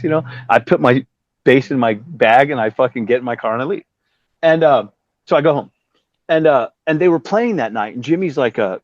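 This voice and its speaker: Speaking a little fast in a medium pitch, this middle-aged musician from Southern California is a guest in a casual interview. He tells a story with free swearing and acted-out voices of others, in a dry, slightly dull recording.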